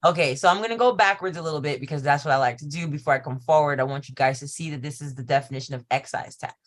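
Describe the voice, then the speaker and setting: A woman's voice: low-pitched, racing. A woman teaching on an online video call, explaining in a blunt, skeptical, matter-of-fact way. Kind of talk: casual group call, explaining.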